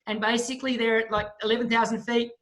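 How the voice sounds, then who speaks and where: A man, a guest speaker telling a lively story in a talk and acting out the people in it. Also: very high voice, quick pace. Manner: lively storyteller who acts out the voices of the people in his story.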